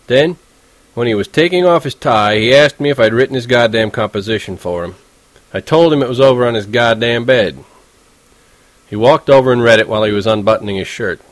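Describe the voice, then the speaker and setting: Male narrator, sardonic first-person read, middle pitch, dry studio sound. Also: no echo. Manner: slangy, sardonic, conversational delivery. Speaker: audiobook narrator.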